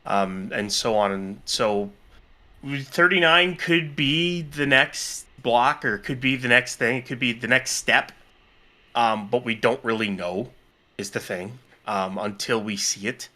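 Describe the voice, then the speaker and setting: A man's voice: medium pitch, unhurried, pushed and bright. A man co-hosting a live stream, casually explaining technical details with frequent fillers and restarts. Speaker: co-host answering questions.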